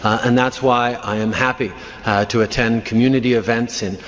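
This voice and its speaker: A male politician answering a press question in a halting way, with many filler sounds. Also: medium pitch, fairly even intonation, a bit bright. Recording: archival clip, reverberant hall, dull audio, faint ambience.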